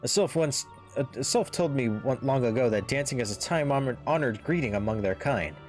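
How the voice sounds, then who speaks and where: A man's voice: mid-range voice, lively intonation, brisk, natural voice. A man putting on a rambling, forgetful old-timey villager. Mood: cheerful. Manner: wavering, wobbly drawl he calls a drunk Yoda. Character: rambling forgetful male forest villager, folksy. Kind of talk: reading game dialogue aloud in character. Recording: faint music underneath.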